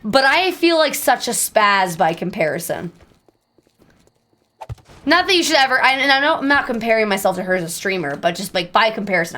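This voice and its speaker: A young woman streaming live, chatting casually with viewers in a bubbly, self-deprecating way and breaking into squeaky exclamations. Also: animated, normal speed, pushed and bright.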